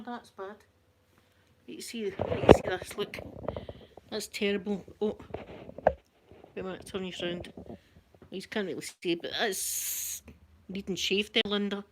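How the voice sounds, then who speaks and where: A Scottish woman vlogger chatting casually with her viewers, talkative and quick to laugh at herself. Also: medium pitch, a bit bright, a little hiss or hum. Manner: chatty, laughs often, self-mocking. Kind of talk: casual live-stream chat.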